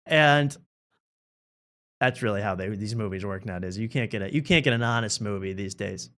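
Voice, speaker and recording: A man's voice: on the low side, normal speed, fairly bright tone. A man hosting a talk show, riffing in a rambling, joking way. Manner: rambling, riffing, laughs at own bits. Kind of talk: casual comedic chat.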